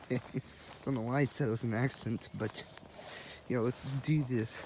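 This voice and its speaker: A man's voice: mid-range voice, normal speed, darkish tone, a little hiss or hum. A man casually narrating his outdoor walk, rambling and laughing at himself. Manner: rambling, self-amused, talks to himself. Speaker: vlogger. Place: outdoors in wet grass and woods.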